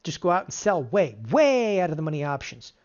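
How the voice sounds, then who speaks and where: A middle-aged options trading instructor teaching a live webinar, energetic and firing rhetorical questions at the audience. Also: mid-range voice, a little fast. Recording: dull lo-fi webinar audio.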